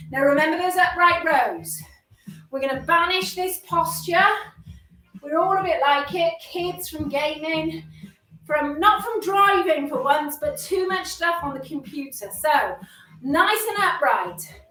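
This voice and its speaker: Very high-voiced lady fitness instructor, slow and encouraging, a bit puffed out, echoey room with faint music, sounds far from the mic. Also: animated, bright, forceful tone. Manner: upbeat, encouraging, chatty with self-deprecating jokes. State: a bit out of breath while exercising. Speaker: exercise instructor. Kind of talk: live workout class instruction.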